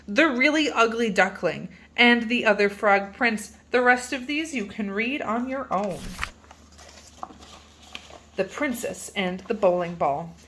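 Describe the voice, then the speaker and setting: Woman, reading a kids' picture book aloud, playful, bright, lively pitch, drawn-out words. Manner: playful, animated, drawn-out emphasis. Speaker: reader.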